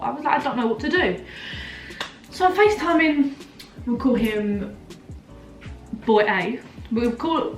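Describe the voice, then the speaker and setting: Dramatic young woman, echoey room. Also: a little high. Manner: dramatic, breathless retelling full of "like" fillers. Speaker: vlogger. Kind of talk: storytime chat. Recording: echoey room, mic at a distance, faint music.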